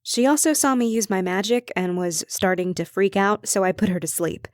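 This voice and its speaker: A woman's voice: mid-range voice, moderate pace, a little mellow, no room sound, studio quality, lightly acted. A woman narrator speaking as a young witch heroine in an earnest, urgent way.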